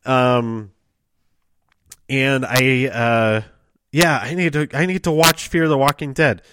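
Rambling, halting young podcast host. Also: male voice, medium pitch, steady tone, fairly bright tone, clean tone, no room sound. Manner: rambling, halting, trails off and restarts often. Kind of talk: casual solo TV recap podcast.

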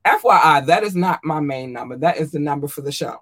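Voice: medium pitch, expressive, a little fast, fairly bright tone. A podcast host in casual solo chat, effusive and affectionate toward listeners, talking with frequent ums and little laughs. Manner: effusive and affectionate, calls listeners darlings and babies.

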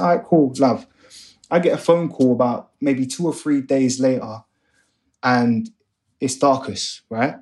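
A young man, a guest on an interview podcast, telling his story casually and acting out the voices of people in it. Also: mid-range voice. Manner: animated, acts out other voices in his stories. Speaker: guest, music A&R manager.

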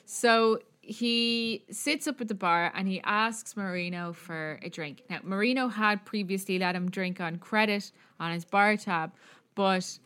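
A woman's voice: mid-range voice, measured pace, hardly any pauses, fairly bright tone, clear, resonant tone. Chatty Irish woman telling a story. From Ireland. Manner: chatty, profane, many fillers. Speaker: podcast co-host. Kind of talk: casual storytelling chat.

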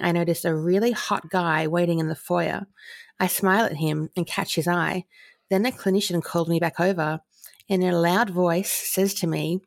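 Gravelly-voiced woman reading stories. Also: fairly low pitch, dry recording, clean studio sound. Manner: amused, chatty, laughs often. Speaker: podcast co-host reading listener stories. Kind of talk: casual chat, reading stories aloud.

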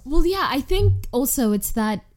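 A woman's voice: sits high, expressive, a little slow. A woman in a casual chat, speaking in a thoughtful, reflective way.

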